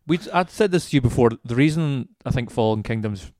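A man's voice: mid-range voice, lively intonation, a little fast, darkish tone, no room sound, studio quality. A man co-hosting a casual film review podcast, talking in a blunt, sweary, scoffing way. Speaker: podcast co-host.

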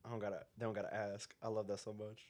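A man's voice: on the low side, fast talker. A young man with an African American English accent, a podcast co-host, joking and swearing loosely in casual chat. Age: young adult. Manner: animated, joking, swearing, slangy.

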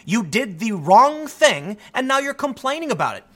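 Man, political commentary host, ranting, sarcastic, exasperated, very lively pitch. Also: normal speed.

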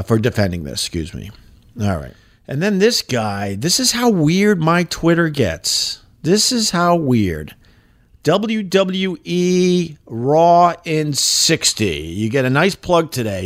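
A middle-aged man hosting his own show, talking in a casual, rambling and profane monologue with emphatic swings. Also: medium pitch. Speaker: podcast host, former shock jock radio host. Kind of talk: casual monologue reading social media posts.

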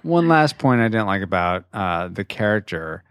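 A man co-hosting a casual movie-review chat, animated and teasing, laughing often. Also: fairly low pitch, moderate pace.

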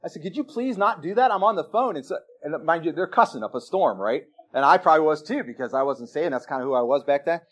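A man preaching a sermon, telling a story with emphatic swings between loud exclamations and quiet asides. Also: a little high, animated, fast, few pauses. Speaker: pastor.

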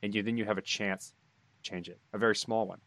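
A man co-hosting a podcast, explaining things in a calm, steady way. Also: lowish voice, fast talker, no echo. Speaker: podcast co-host. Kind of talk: casual podcast chat.

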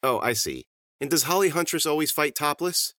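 A man voicing a cool, teasing teenage girl who asks soft, wry questions. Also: fairly high pitch, lively intonation, moderate pace, no echo, clean studio sound, pitched above the performer's own voice.

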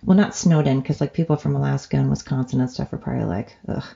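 A woman's voice: a bass voice, fast, gravelly, dark tone, husky. A middle-aged woman from the Oregon coast hosting her own podcast, rambling in casual chat with self-mocking asides. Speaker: podcast host. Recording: dull lo-fi home recording.

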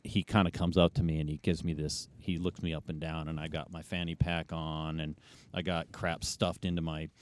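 A man's voice: very deep voice, flat delivery, normal speed, hardly any pauses. A middle-aged man telling long anecdotes in a casual interview, rambling with many fillers and restarts. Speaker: guest ultrarunner.

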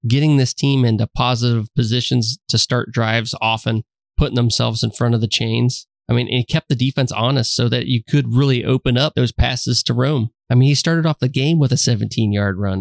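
A man's voice: mid-range voice, gravelly, no echo, studio quality. A man co-hosting a casual sports podcast, laid-back and profane, full of banter. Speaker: podcast co-host.

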